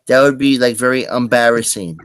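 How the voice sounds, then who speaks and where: A man talks casually on a live stream, wandering through stories with plenty of fillers and restarts. His voice sits in a middling pitch and sounds dry and close to the mic. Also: a bit bright, clear, resonant tone, no echo. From US East Coast. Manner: rambling, halting, lots of fillers. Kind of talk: casual chat.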